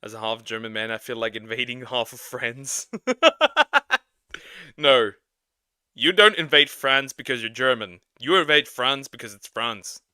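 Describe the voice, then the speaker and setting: A man streaming casual reaction commentary, laughing often and speaking in an animated way. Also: mid-range voice, measured pace, clean tone, dry recording.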